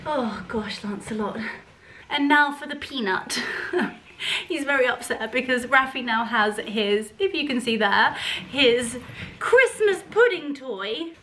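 A woman's voice: high-pitched, expressive, slow, bright, forceful tone, slight background noise. A young woman vlogging casually at home, bubbly and affectionate, laughing often and cooing at her dogs in her kitchen. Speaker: lifestyle vlogger. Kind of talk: casual vlog chat. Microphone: camera set on a counter.

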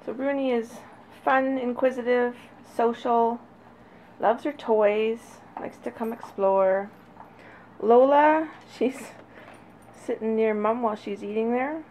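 A woman breeder talking casually and fondly while she films her puppies, now and then calling to them in a high sing-song. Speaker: dog breeder. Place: indoors near a puppy crate. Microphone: handheld camera. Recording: dull lo-fi audio with faint noise.

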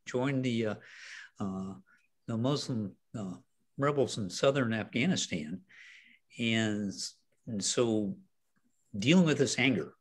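A male author talking about his novel in a casual interview, rambling and halting with many fillers over a video call. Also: mid-range voice.

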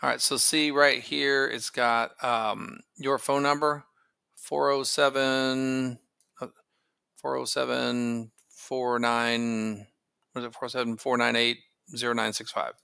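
Speaking slowly with little pitch movement, the man has a medium-pitched voice that is gravelly and sharp yet clear and resonant, captured in a dry recording. As a tech tutorial host, he casually walks through setting up a phone service on screen, filling pauses while he clicks and thinks aloud.

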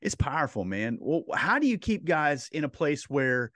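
A man's voice: a little high, very animated, normal speed, a bit bright, dry recording, studio quality. A man hosting a podcast, thinking aloud in casual talk with restarts. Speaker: podcast host.

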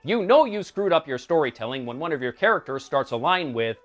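A man's voice: fairly high pitch, big pitch swings, brisk, soft background music. Sarcastic male film reviewer. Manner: sarcastic, exasperated. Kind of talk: scripted review commentary.

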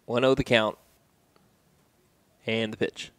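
A man calling a high school baseball game on local radio, steady and conversational, with his voice jumping up on strikeouts and big plays. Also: slow, a little hiss or hum. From United States. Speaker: play-by-play radio announcer. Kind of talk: baseball play-by-play commentary.

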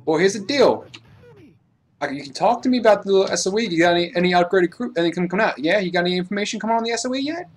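A rapid-talking man with a fairly high voice plays a police interrogator in an online game role-play. He taunts his suspect, stumbles over repeats and keeps pressing for information. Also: expressive.

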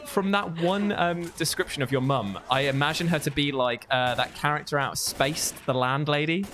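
Playful man, bright voice. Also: a little high, normal speed. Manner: playful, jokey commentary. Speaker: co-host. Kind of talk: casual chat while gaming.

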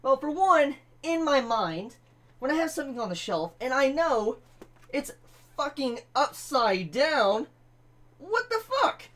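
Animated woman, stammering and swearing. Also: high-pitched, a little slow. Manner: stammering repeats, frequent swearing; exasperated, animated storytelling. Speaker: manga reviewer. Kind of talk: casual to-camera vlog.

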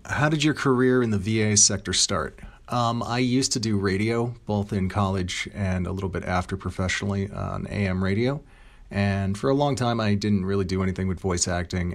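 A young man with a low voice and a smooth radio tone talks through interview questions in a relaxed, conversational way. He leans on ums and you-knows as he goes, recorded on a home mic. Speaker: voice actor and content creator. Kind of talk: reading out interview questions and answering casually.

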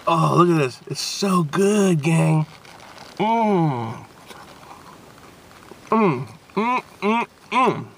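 Animated, high-pitched man reviewing food. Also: extremely slow, long pauses, slight background noise. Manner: playful, animated, jokey. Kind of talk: casual food review vlog.

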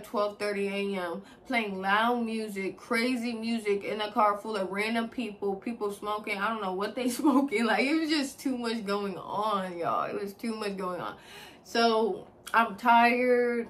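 A woman's voice: fairly high pitch, a little hiss or hum. A young woman vlogger telling a personal story in a casual, chatty way, talking straight to her viewers, swearing freely and leaning on filler words. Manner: chatty and expressive, addresses viewers as y'all, swears freely, heavy use of like.

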